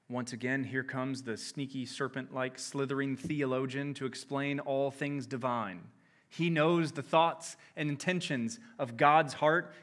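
Slow, bright-voiced male preacher. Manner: slow, emphatic, with sharp rises in pitch and volume on key phrases. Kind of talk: expository sermon.

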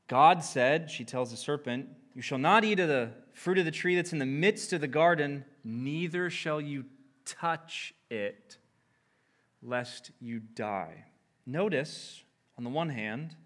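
A man preaching an expository sermon, slow and emphatic, rising sharply in pitch and volume on key phrases. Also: bright, forceful tone.

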